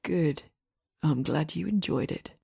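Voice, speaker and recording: A woman voicing a deep gruff protective husband. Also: measured pace, dark tone, full character voice. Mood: calm, tender.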